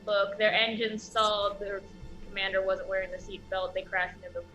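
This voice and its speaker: A woman with a bright, forceful voice talks as a player at a tabletop game, laying out excuses in a quick, matter-of-fact way. Faint music plays behind her. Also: mid-range voice, monotone, highs cut off. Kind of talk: casual banter in a tabletop game.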